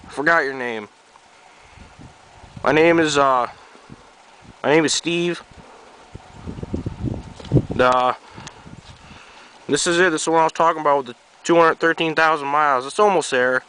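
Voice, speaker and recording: Young man, slight Southern accent, a little sick, casual rambling walkaround, swears offhand, tense bright tone, high-ish voice. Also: slight background noise, poor audio. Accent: Southern US tinge. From New York. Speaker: vlogger showing his truck. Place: outdoors beside a truck in the cold.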